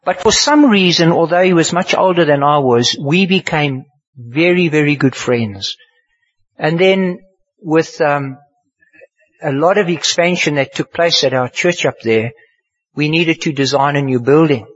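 An older man, preaching a sermon and telling a story, swinging from hushed to loud, with a husky voice. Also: fairly high pitch, a little slow. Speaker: pastor. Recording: dull lo-fi sermon recording.

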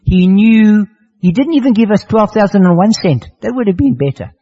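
A man's voice: high voice, very animated, fast, slightly rough. An older man preaching a sermon, telling a personal story in an earnest way and repeating phrases for emphasis. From South Africa. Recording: muffled lo-fi sermon recording.

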